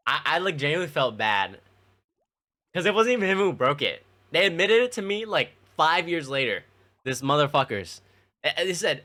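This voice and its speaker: A man's voice: fairly high pitch, sing-song, fairly quick, bright, forceful tone. A young man casually telling childhood stories to his stream chat, rambling and swearing with plenty of fillers. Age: young adult. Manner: rambling, profane, lots of fillers.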